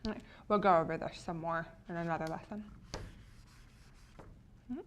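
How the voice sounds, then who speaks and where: Woman teacher, lower voice, steady lecture that keeps checking in with the class. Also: a little hiss or hum. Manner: checks in with frequent "right?"; slow, deliberate explanation of spelling patterns. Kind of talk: phonics lecture.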